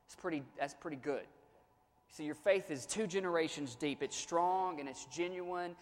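A man's voice: fairly high pitch, moderate pace, big-room sound. A man preaching a sermon, earnest and repetitive, often restarting his phrases as he reads and explains scripture. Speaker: pastor.

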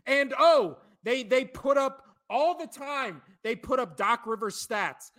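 This sports podcast co-host, a man aged thirty to forty-something, goes on a profane, exasperated rant. He's animated yet slow, with hardly any pauses, in a very high and somewhat bright voice.

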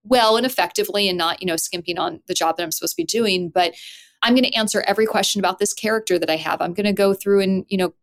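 A woman actor and writer talking as a podcast guest, animated, with her voice leaping up often. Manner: animated, with wide swoops up in pitch. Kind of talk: conversational interview.

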